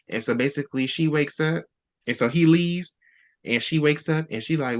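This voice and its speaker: A man hosting a casual book discussion, retelling scenes with lively voiced-out quotes. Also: medium pitch, moderate pace. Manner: animated storytelling, acts out character lines.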